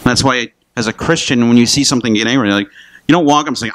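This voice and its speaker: A man's voice: mid-range voice, quick pace, a bit bright. A male pastor preaching a sermon in a conversational way, speaking to members of the congregation by name and often repeating words as he starts a phrase.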